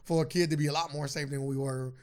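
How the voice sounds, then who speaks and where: A man in casual podcast conversation who talks quickly, with a gravelly edge to his voice. He pushes into the other speaker's turns and repeats phrases as he builds up his point. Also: fairly high pitch, fairly even intonation. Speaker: podcast co-host. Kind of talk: casual chat.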